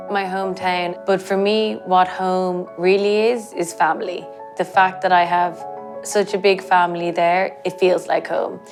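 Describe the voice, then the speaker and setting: A woman with an Irish accent speaks in a loose, conversational way, leaning on "like" and "kind of" as she thinks aloud. Her voice sits a little on the low side. Soft music plays faintly underneath. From Ireland. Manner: chatty, fills with "like" and "kind of". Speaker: fashion designer. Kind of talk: casual reflective interview.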